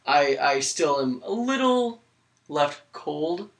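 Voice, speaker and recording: A podcast co-host in a casual movie discussion, dry and wry with quick bursts when making a point. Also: mid-range voice, lively intonation, a little hiss or hum. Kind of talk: casual chat about movies.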